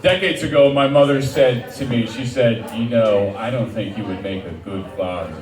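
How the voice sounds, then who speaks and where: A middle-aged man doing a stand-up set in a small dive bar, talking in a rambling, self-deprecating way with halting restarts. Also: mid-range voice, recorded from a distance. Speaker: stand-up comedian. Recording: roomy bar sound from off-mic with audience. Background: crowd laughter.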